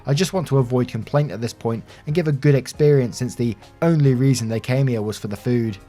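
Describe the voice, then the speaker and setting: A man reading Reddit stories aloud in an expressive, animated narration. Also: medium pitch, brisk. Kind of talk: scripted story narration. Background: soft background music.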